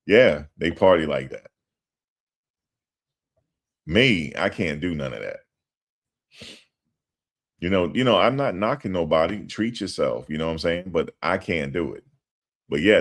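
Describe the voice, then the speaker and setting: A man doing casual commentary on a livestream. He talks in an animated, slangy way and repeats himself for emphasis. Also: deep voice, unhurried, pauses often.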